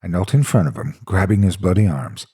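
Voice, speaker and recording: A man's voice: sits low, expressive, fairly quick, mellow, slightly rough. A man narrating a horror story in the first person, with a dramatic, intense delivery.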